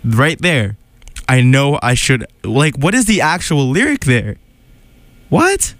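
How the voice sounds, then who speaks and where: A man's voice: mid-range voice, animated, unhurried, a bit bright, no echo. A man hosting a radio show, chatting casually and animatedly, laughing and sounding incredulous. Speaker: radio host.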